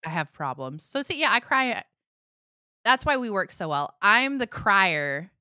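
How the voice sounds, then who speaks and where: A woman's voice: mid-range voice, sing-song, sharp tone, no room sound, studio quality. A woman hosting a live-streamed podcast, chatting casually in a bubbly, talkative way. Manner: bubbly, chatty, quick to laugh. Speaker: podcast host.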